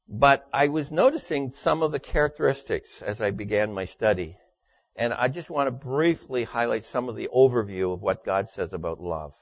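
A man delivering a sermon at a middle pitch. He tells jokes in a dry storytelling way and lets his voice sink low and quiet for each punchline. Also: no room sound. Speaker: pastor.

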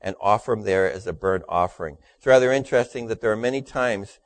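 A man preaching a sermon, telling jokes in a dry storytelling way and dropping his voice low for the punchlines. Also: quick pace, dry recording. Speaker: pastor.

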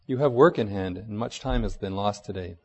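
A man voicing a great wise lion who speaks gently and gravely in a storybook reading. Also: lowish voice, big-room sound. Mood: gentle. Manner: calm, gentle, measured.

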